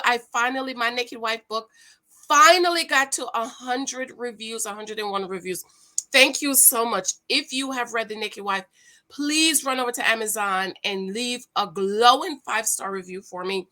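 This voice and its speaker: A woman talks straight to camera in a relaxed morning vlog from her home. Her voice sits a little high and sounds bright and forceful. She is animated and throws playful asides at her viewers. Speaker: vlogger and author. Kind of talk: casual morning vlog chat.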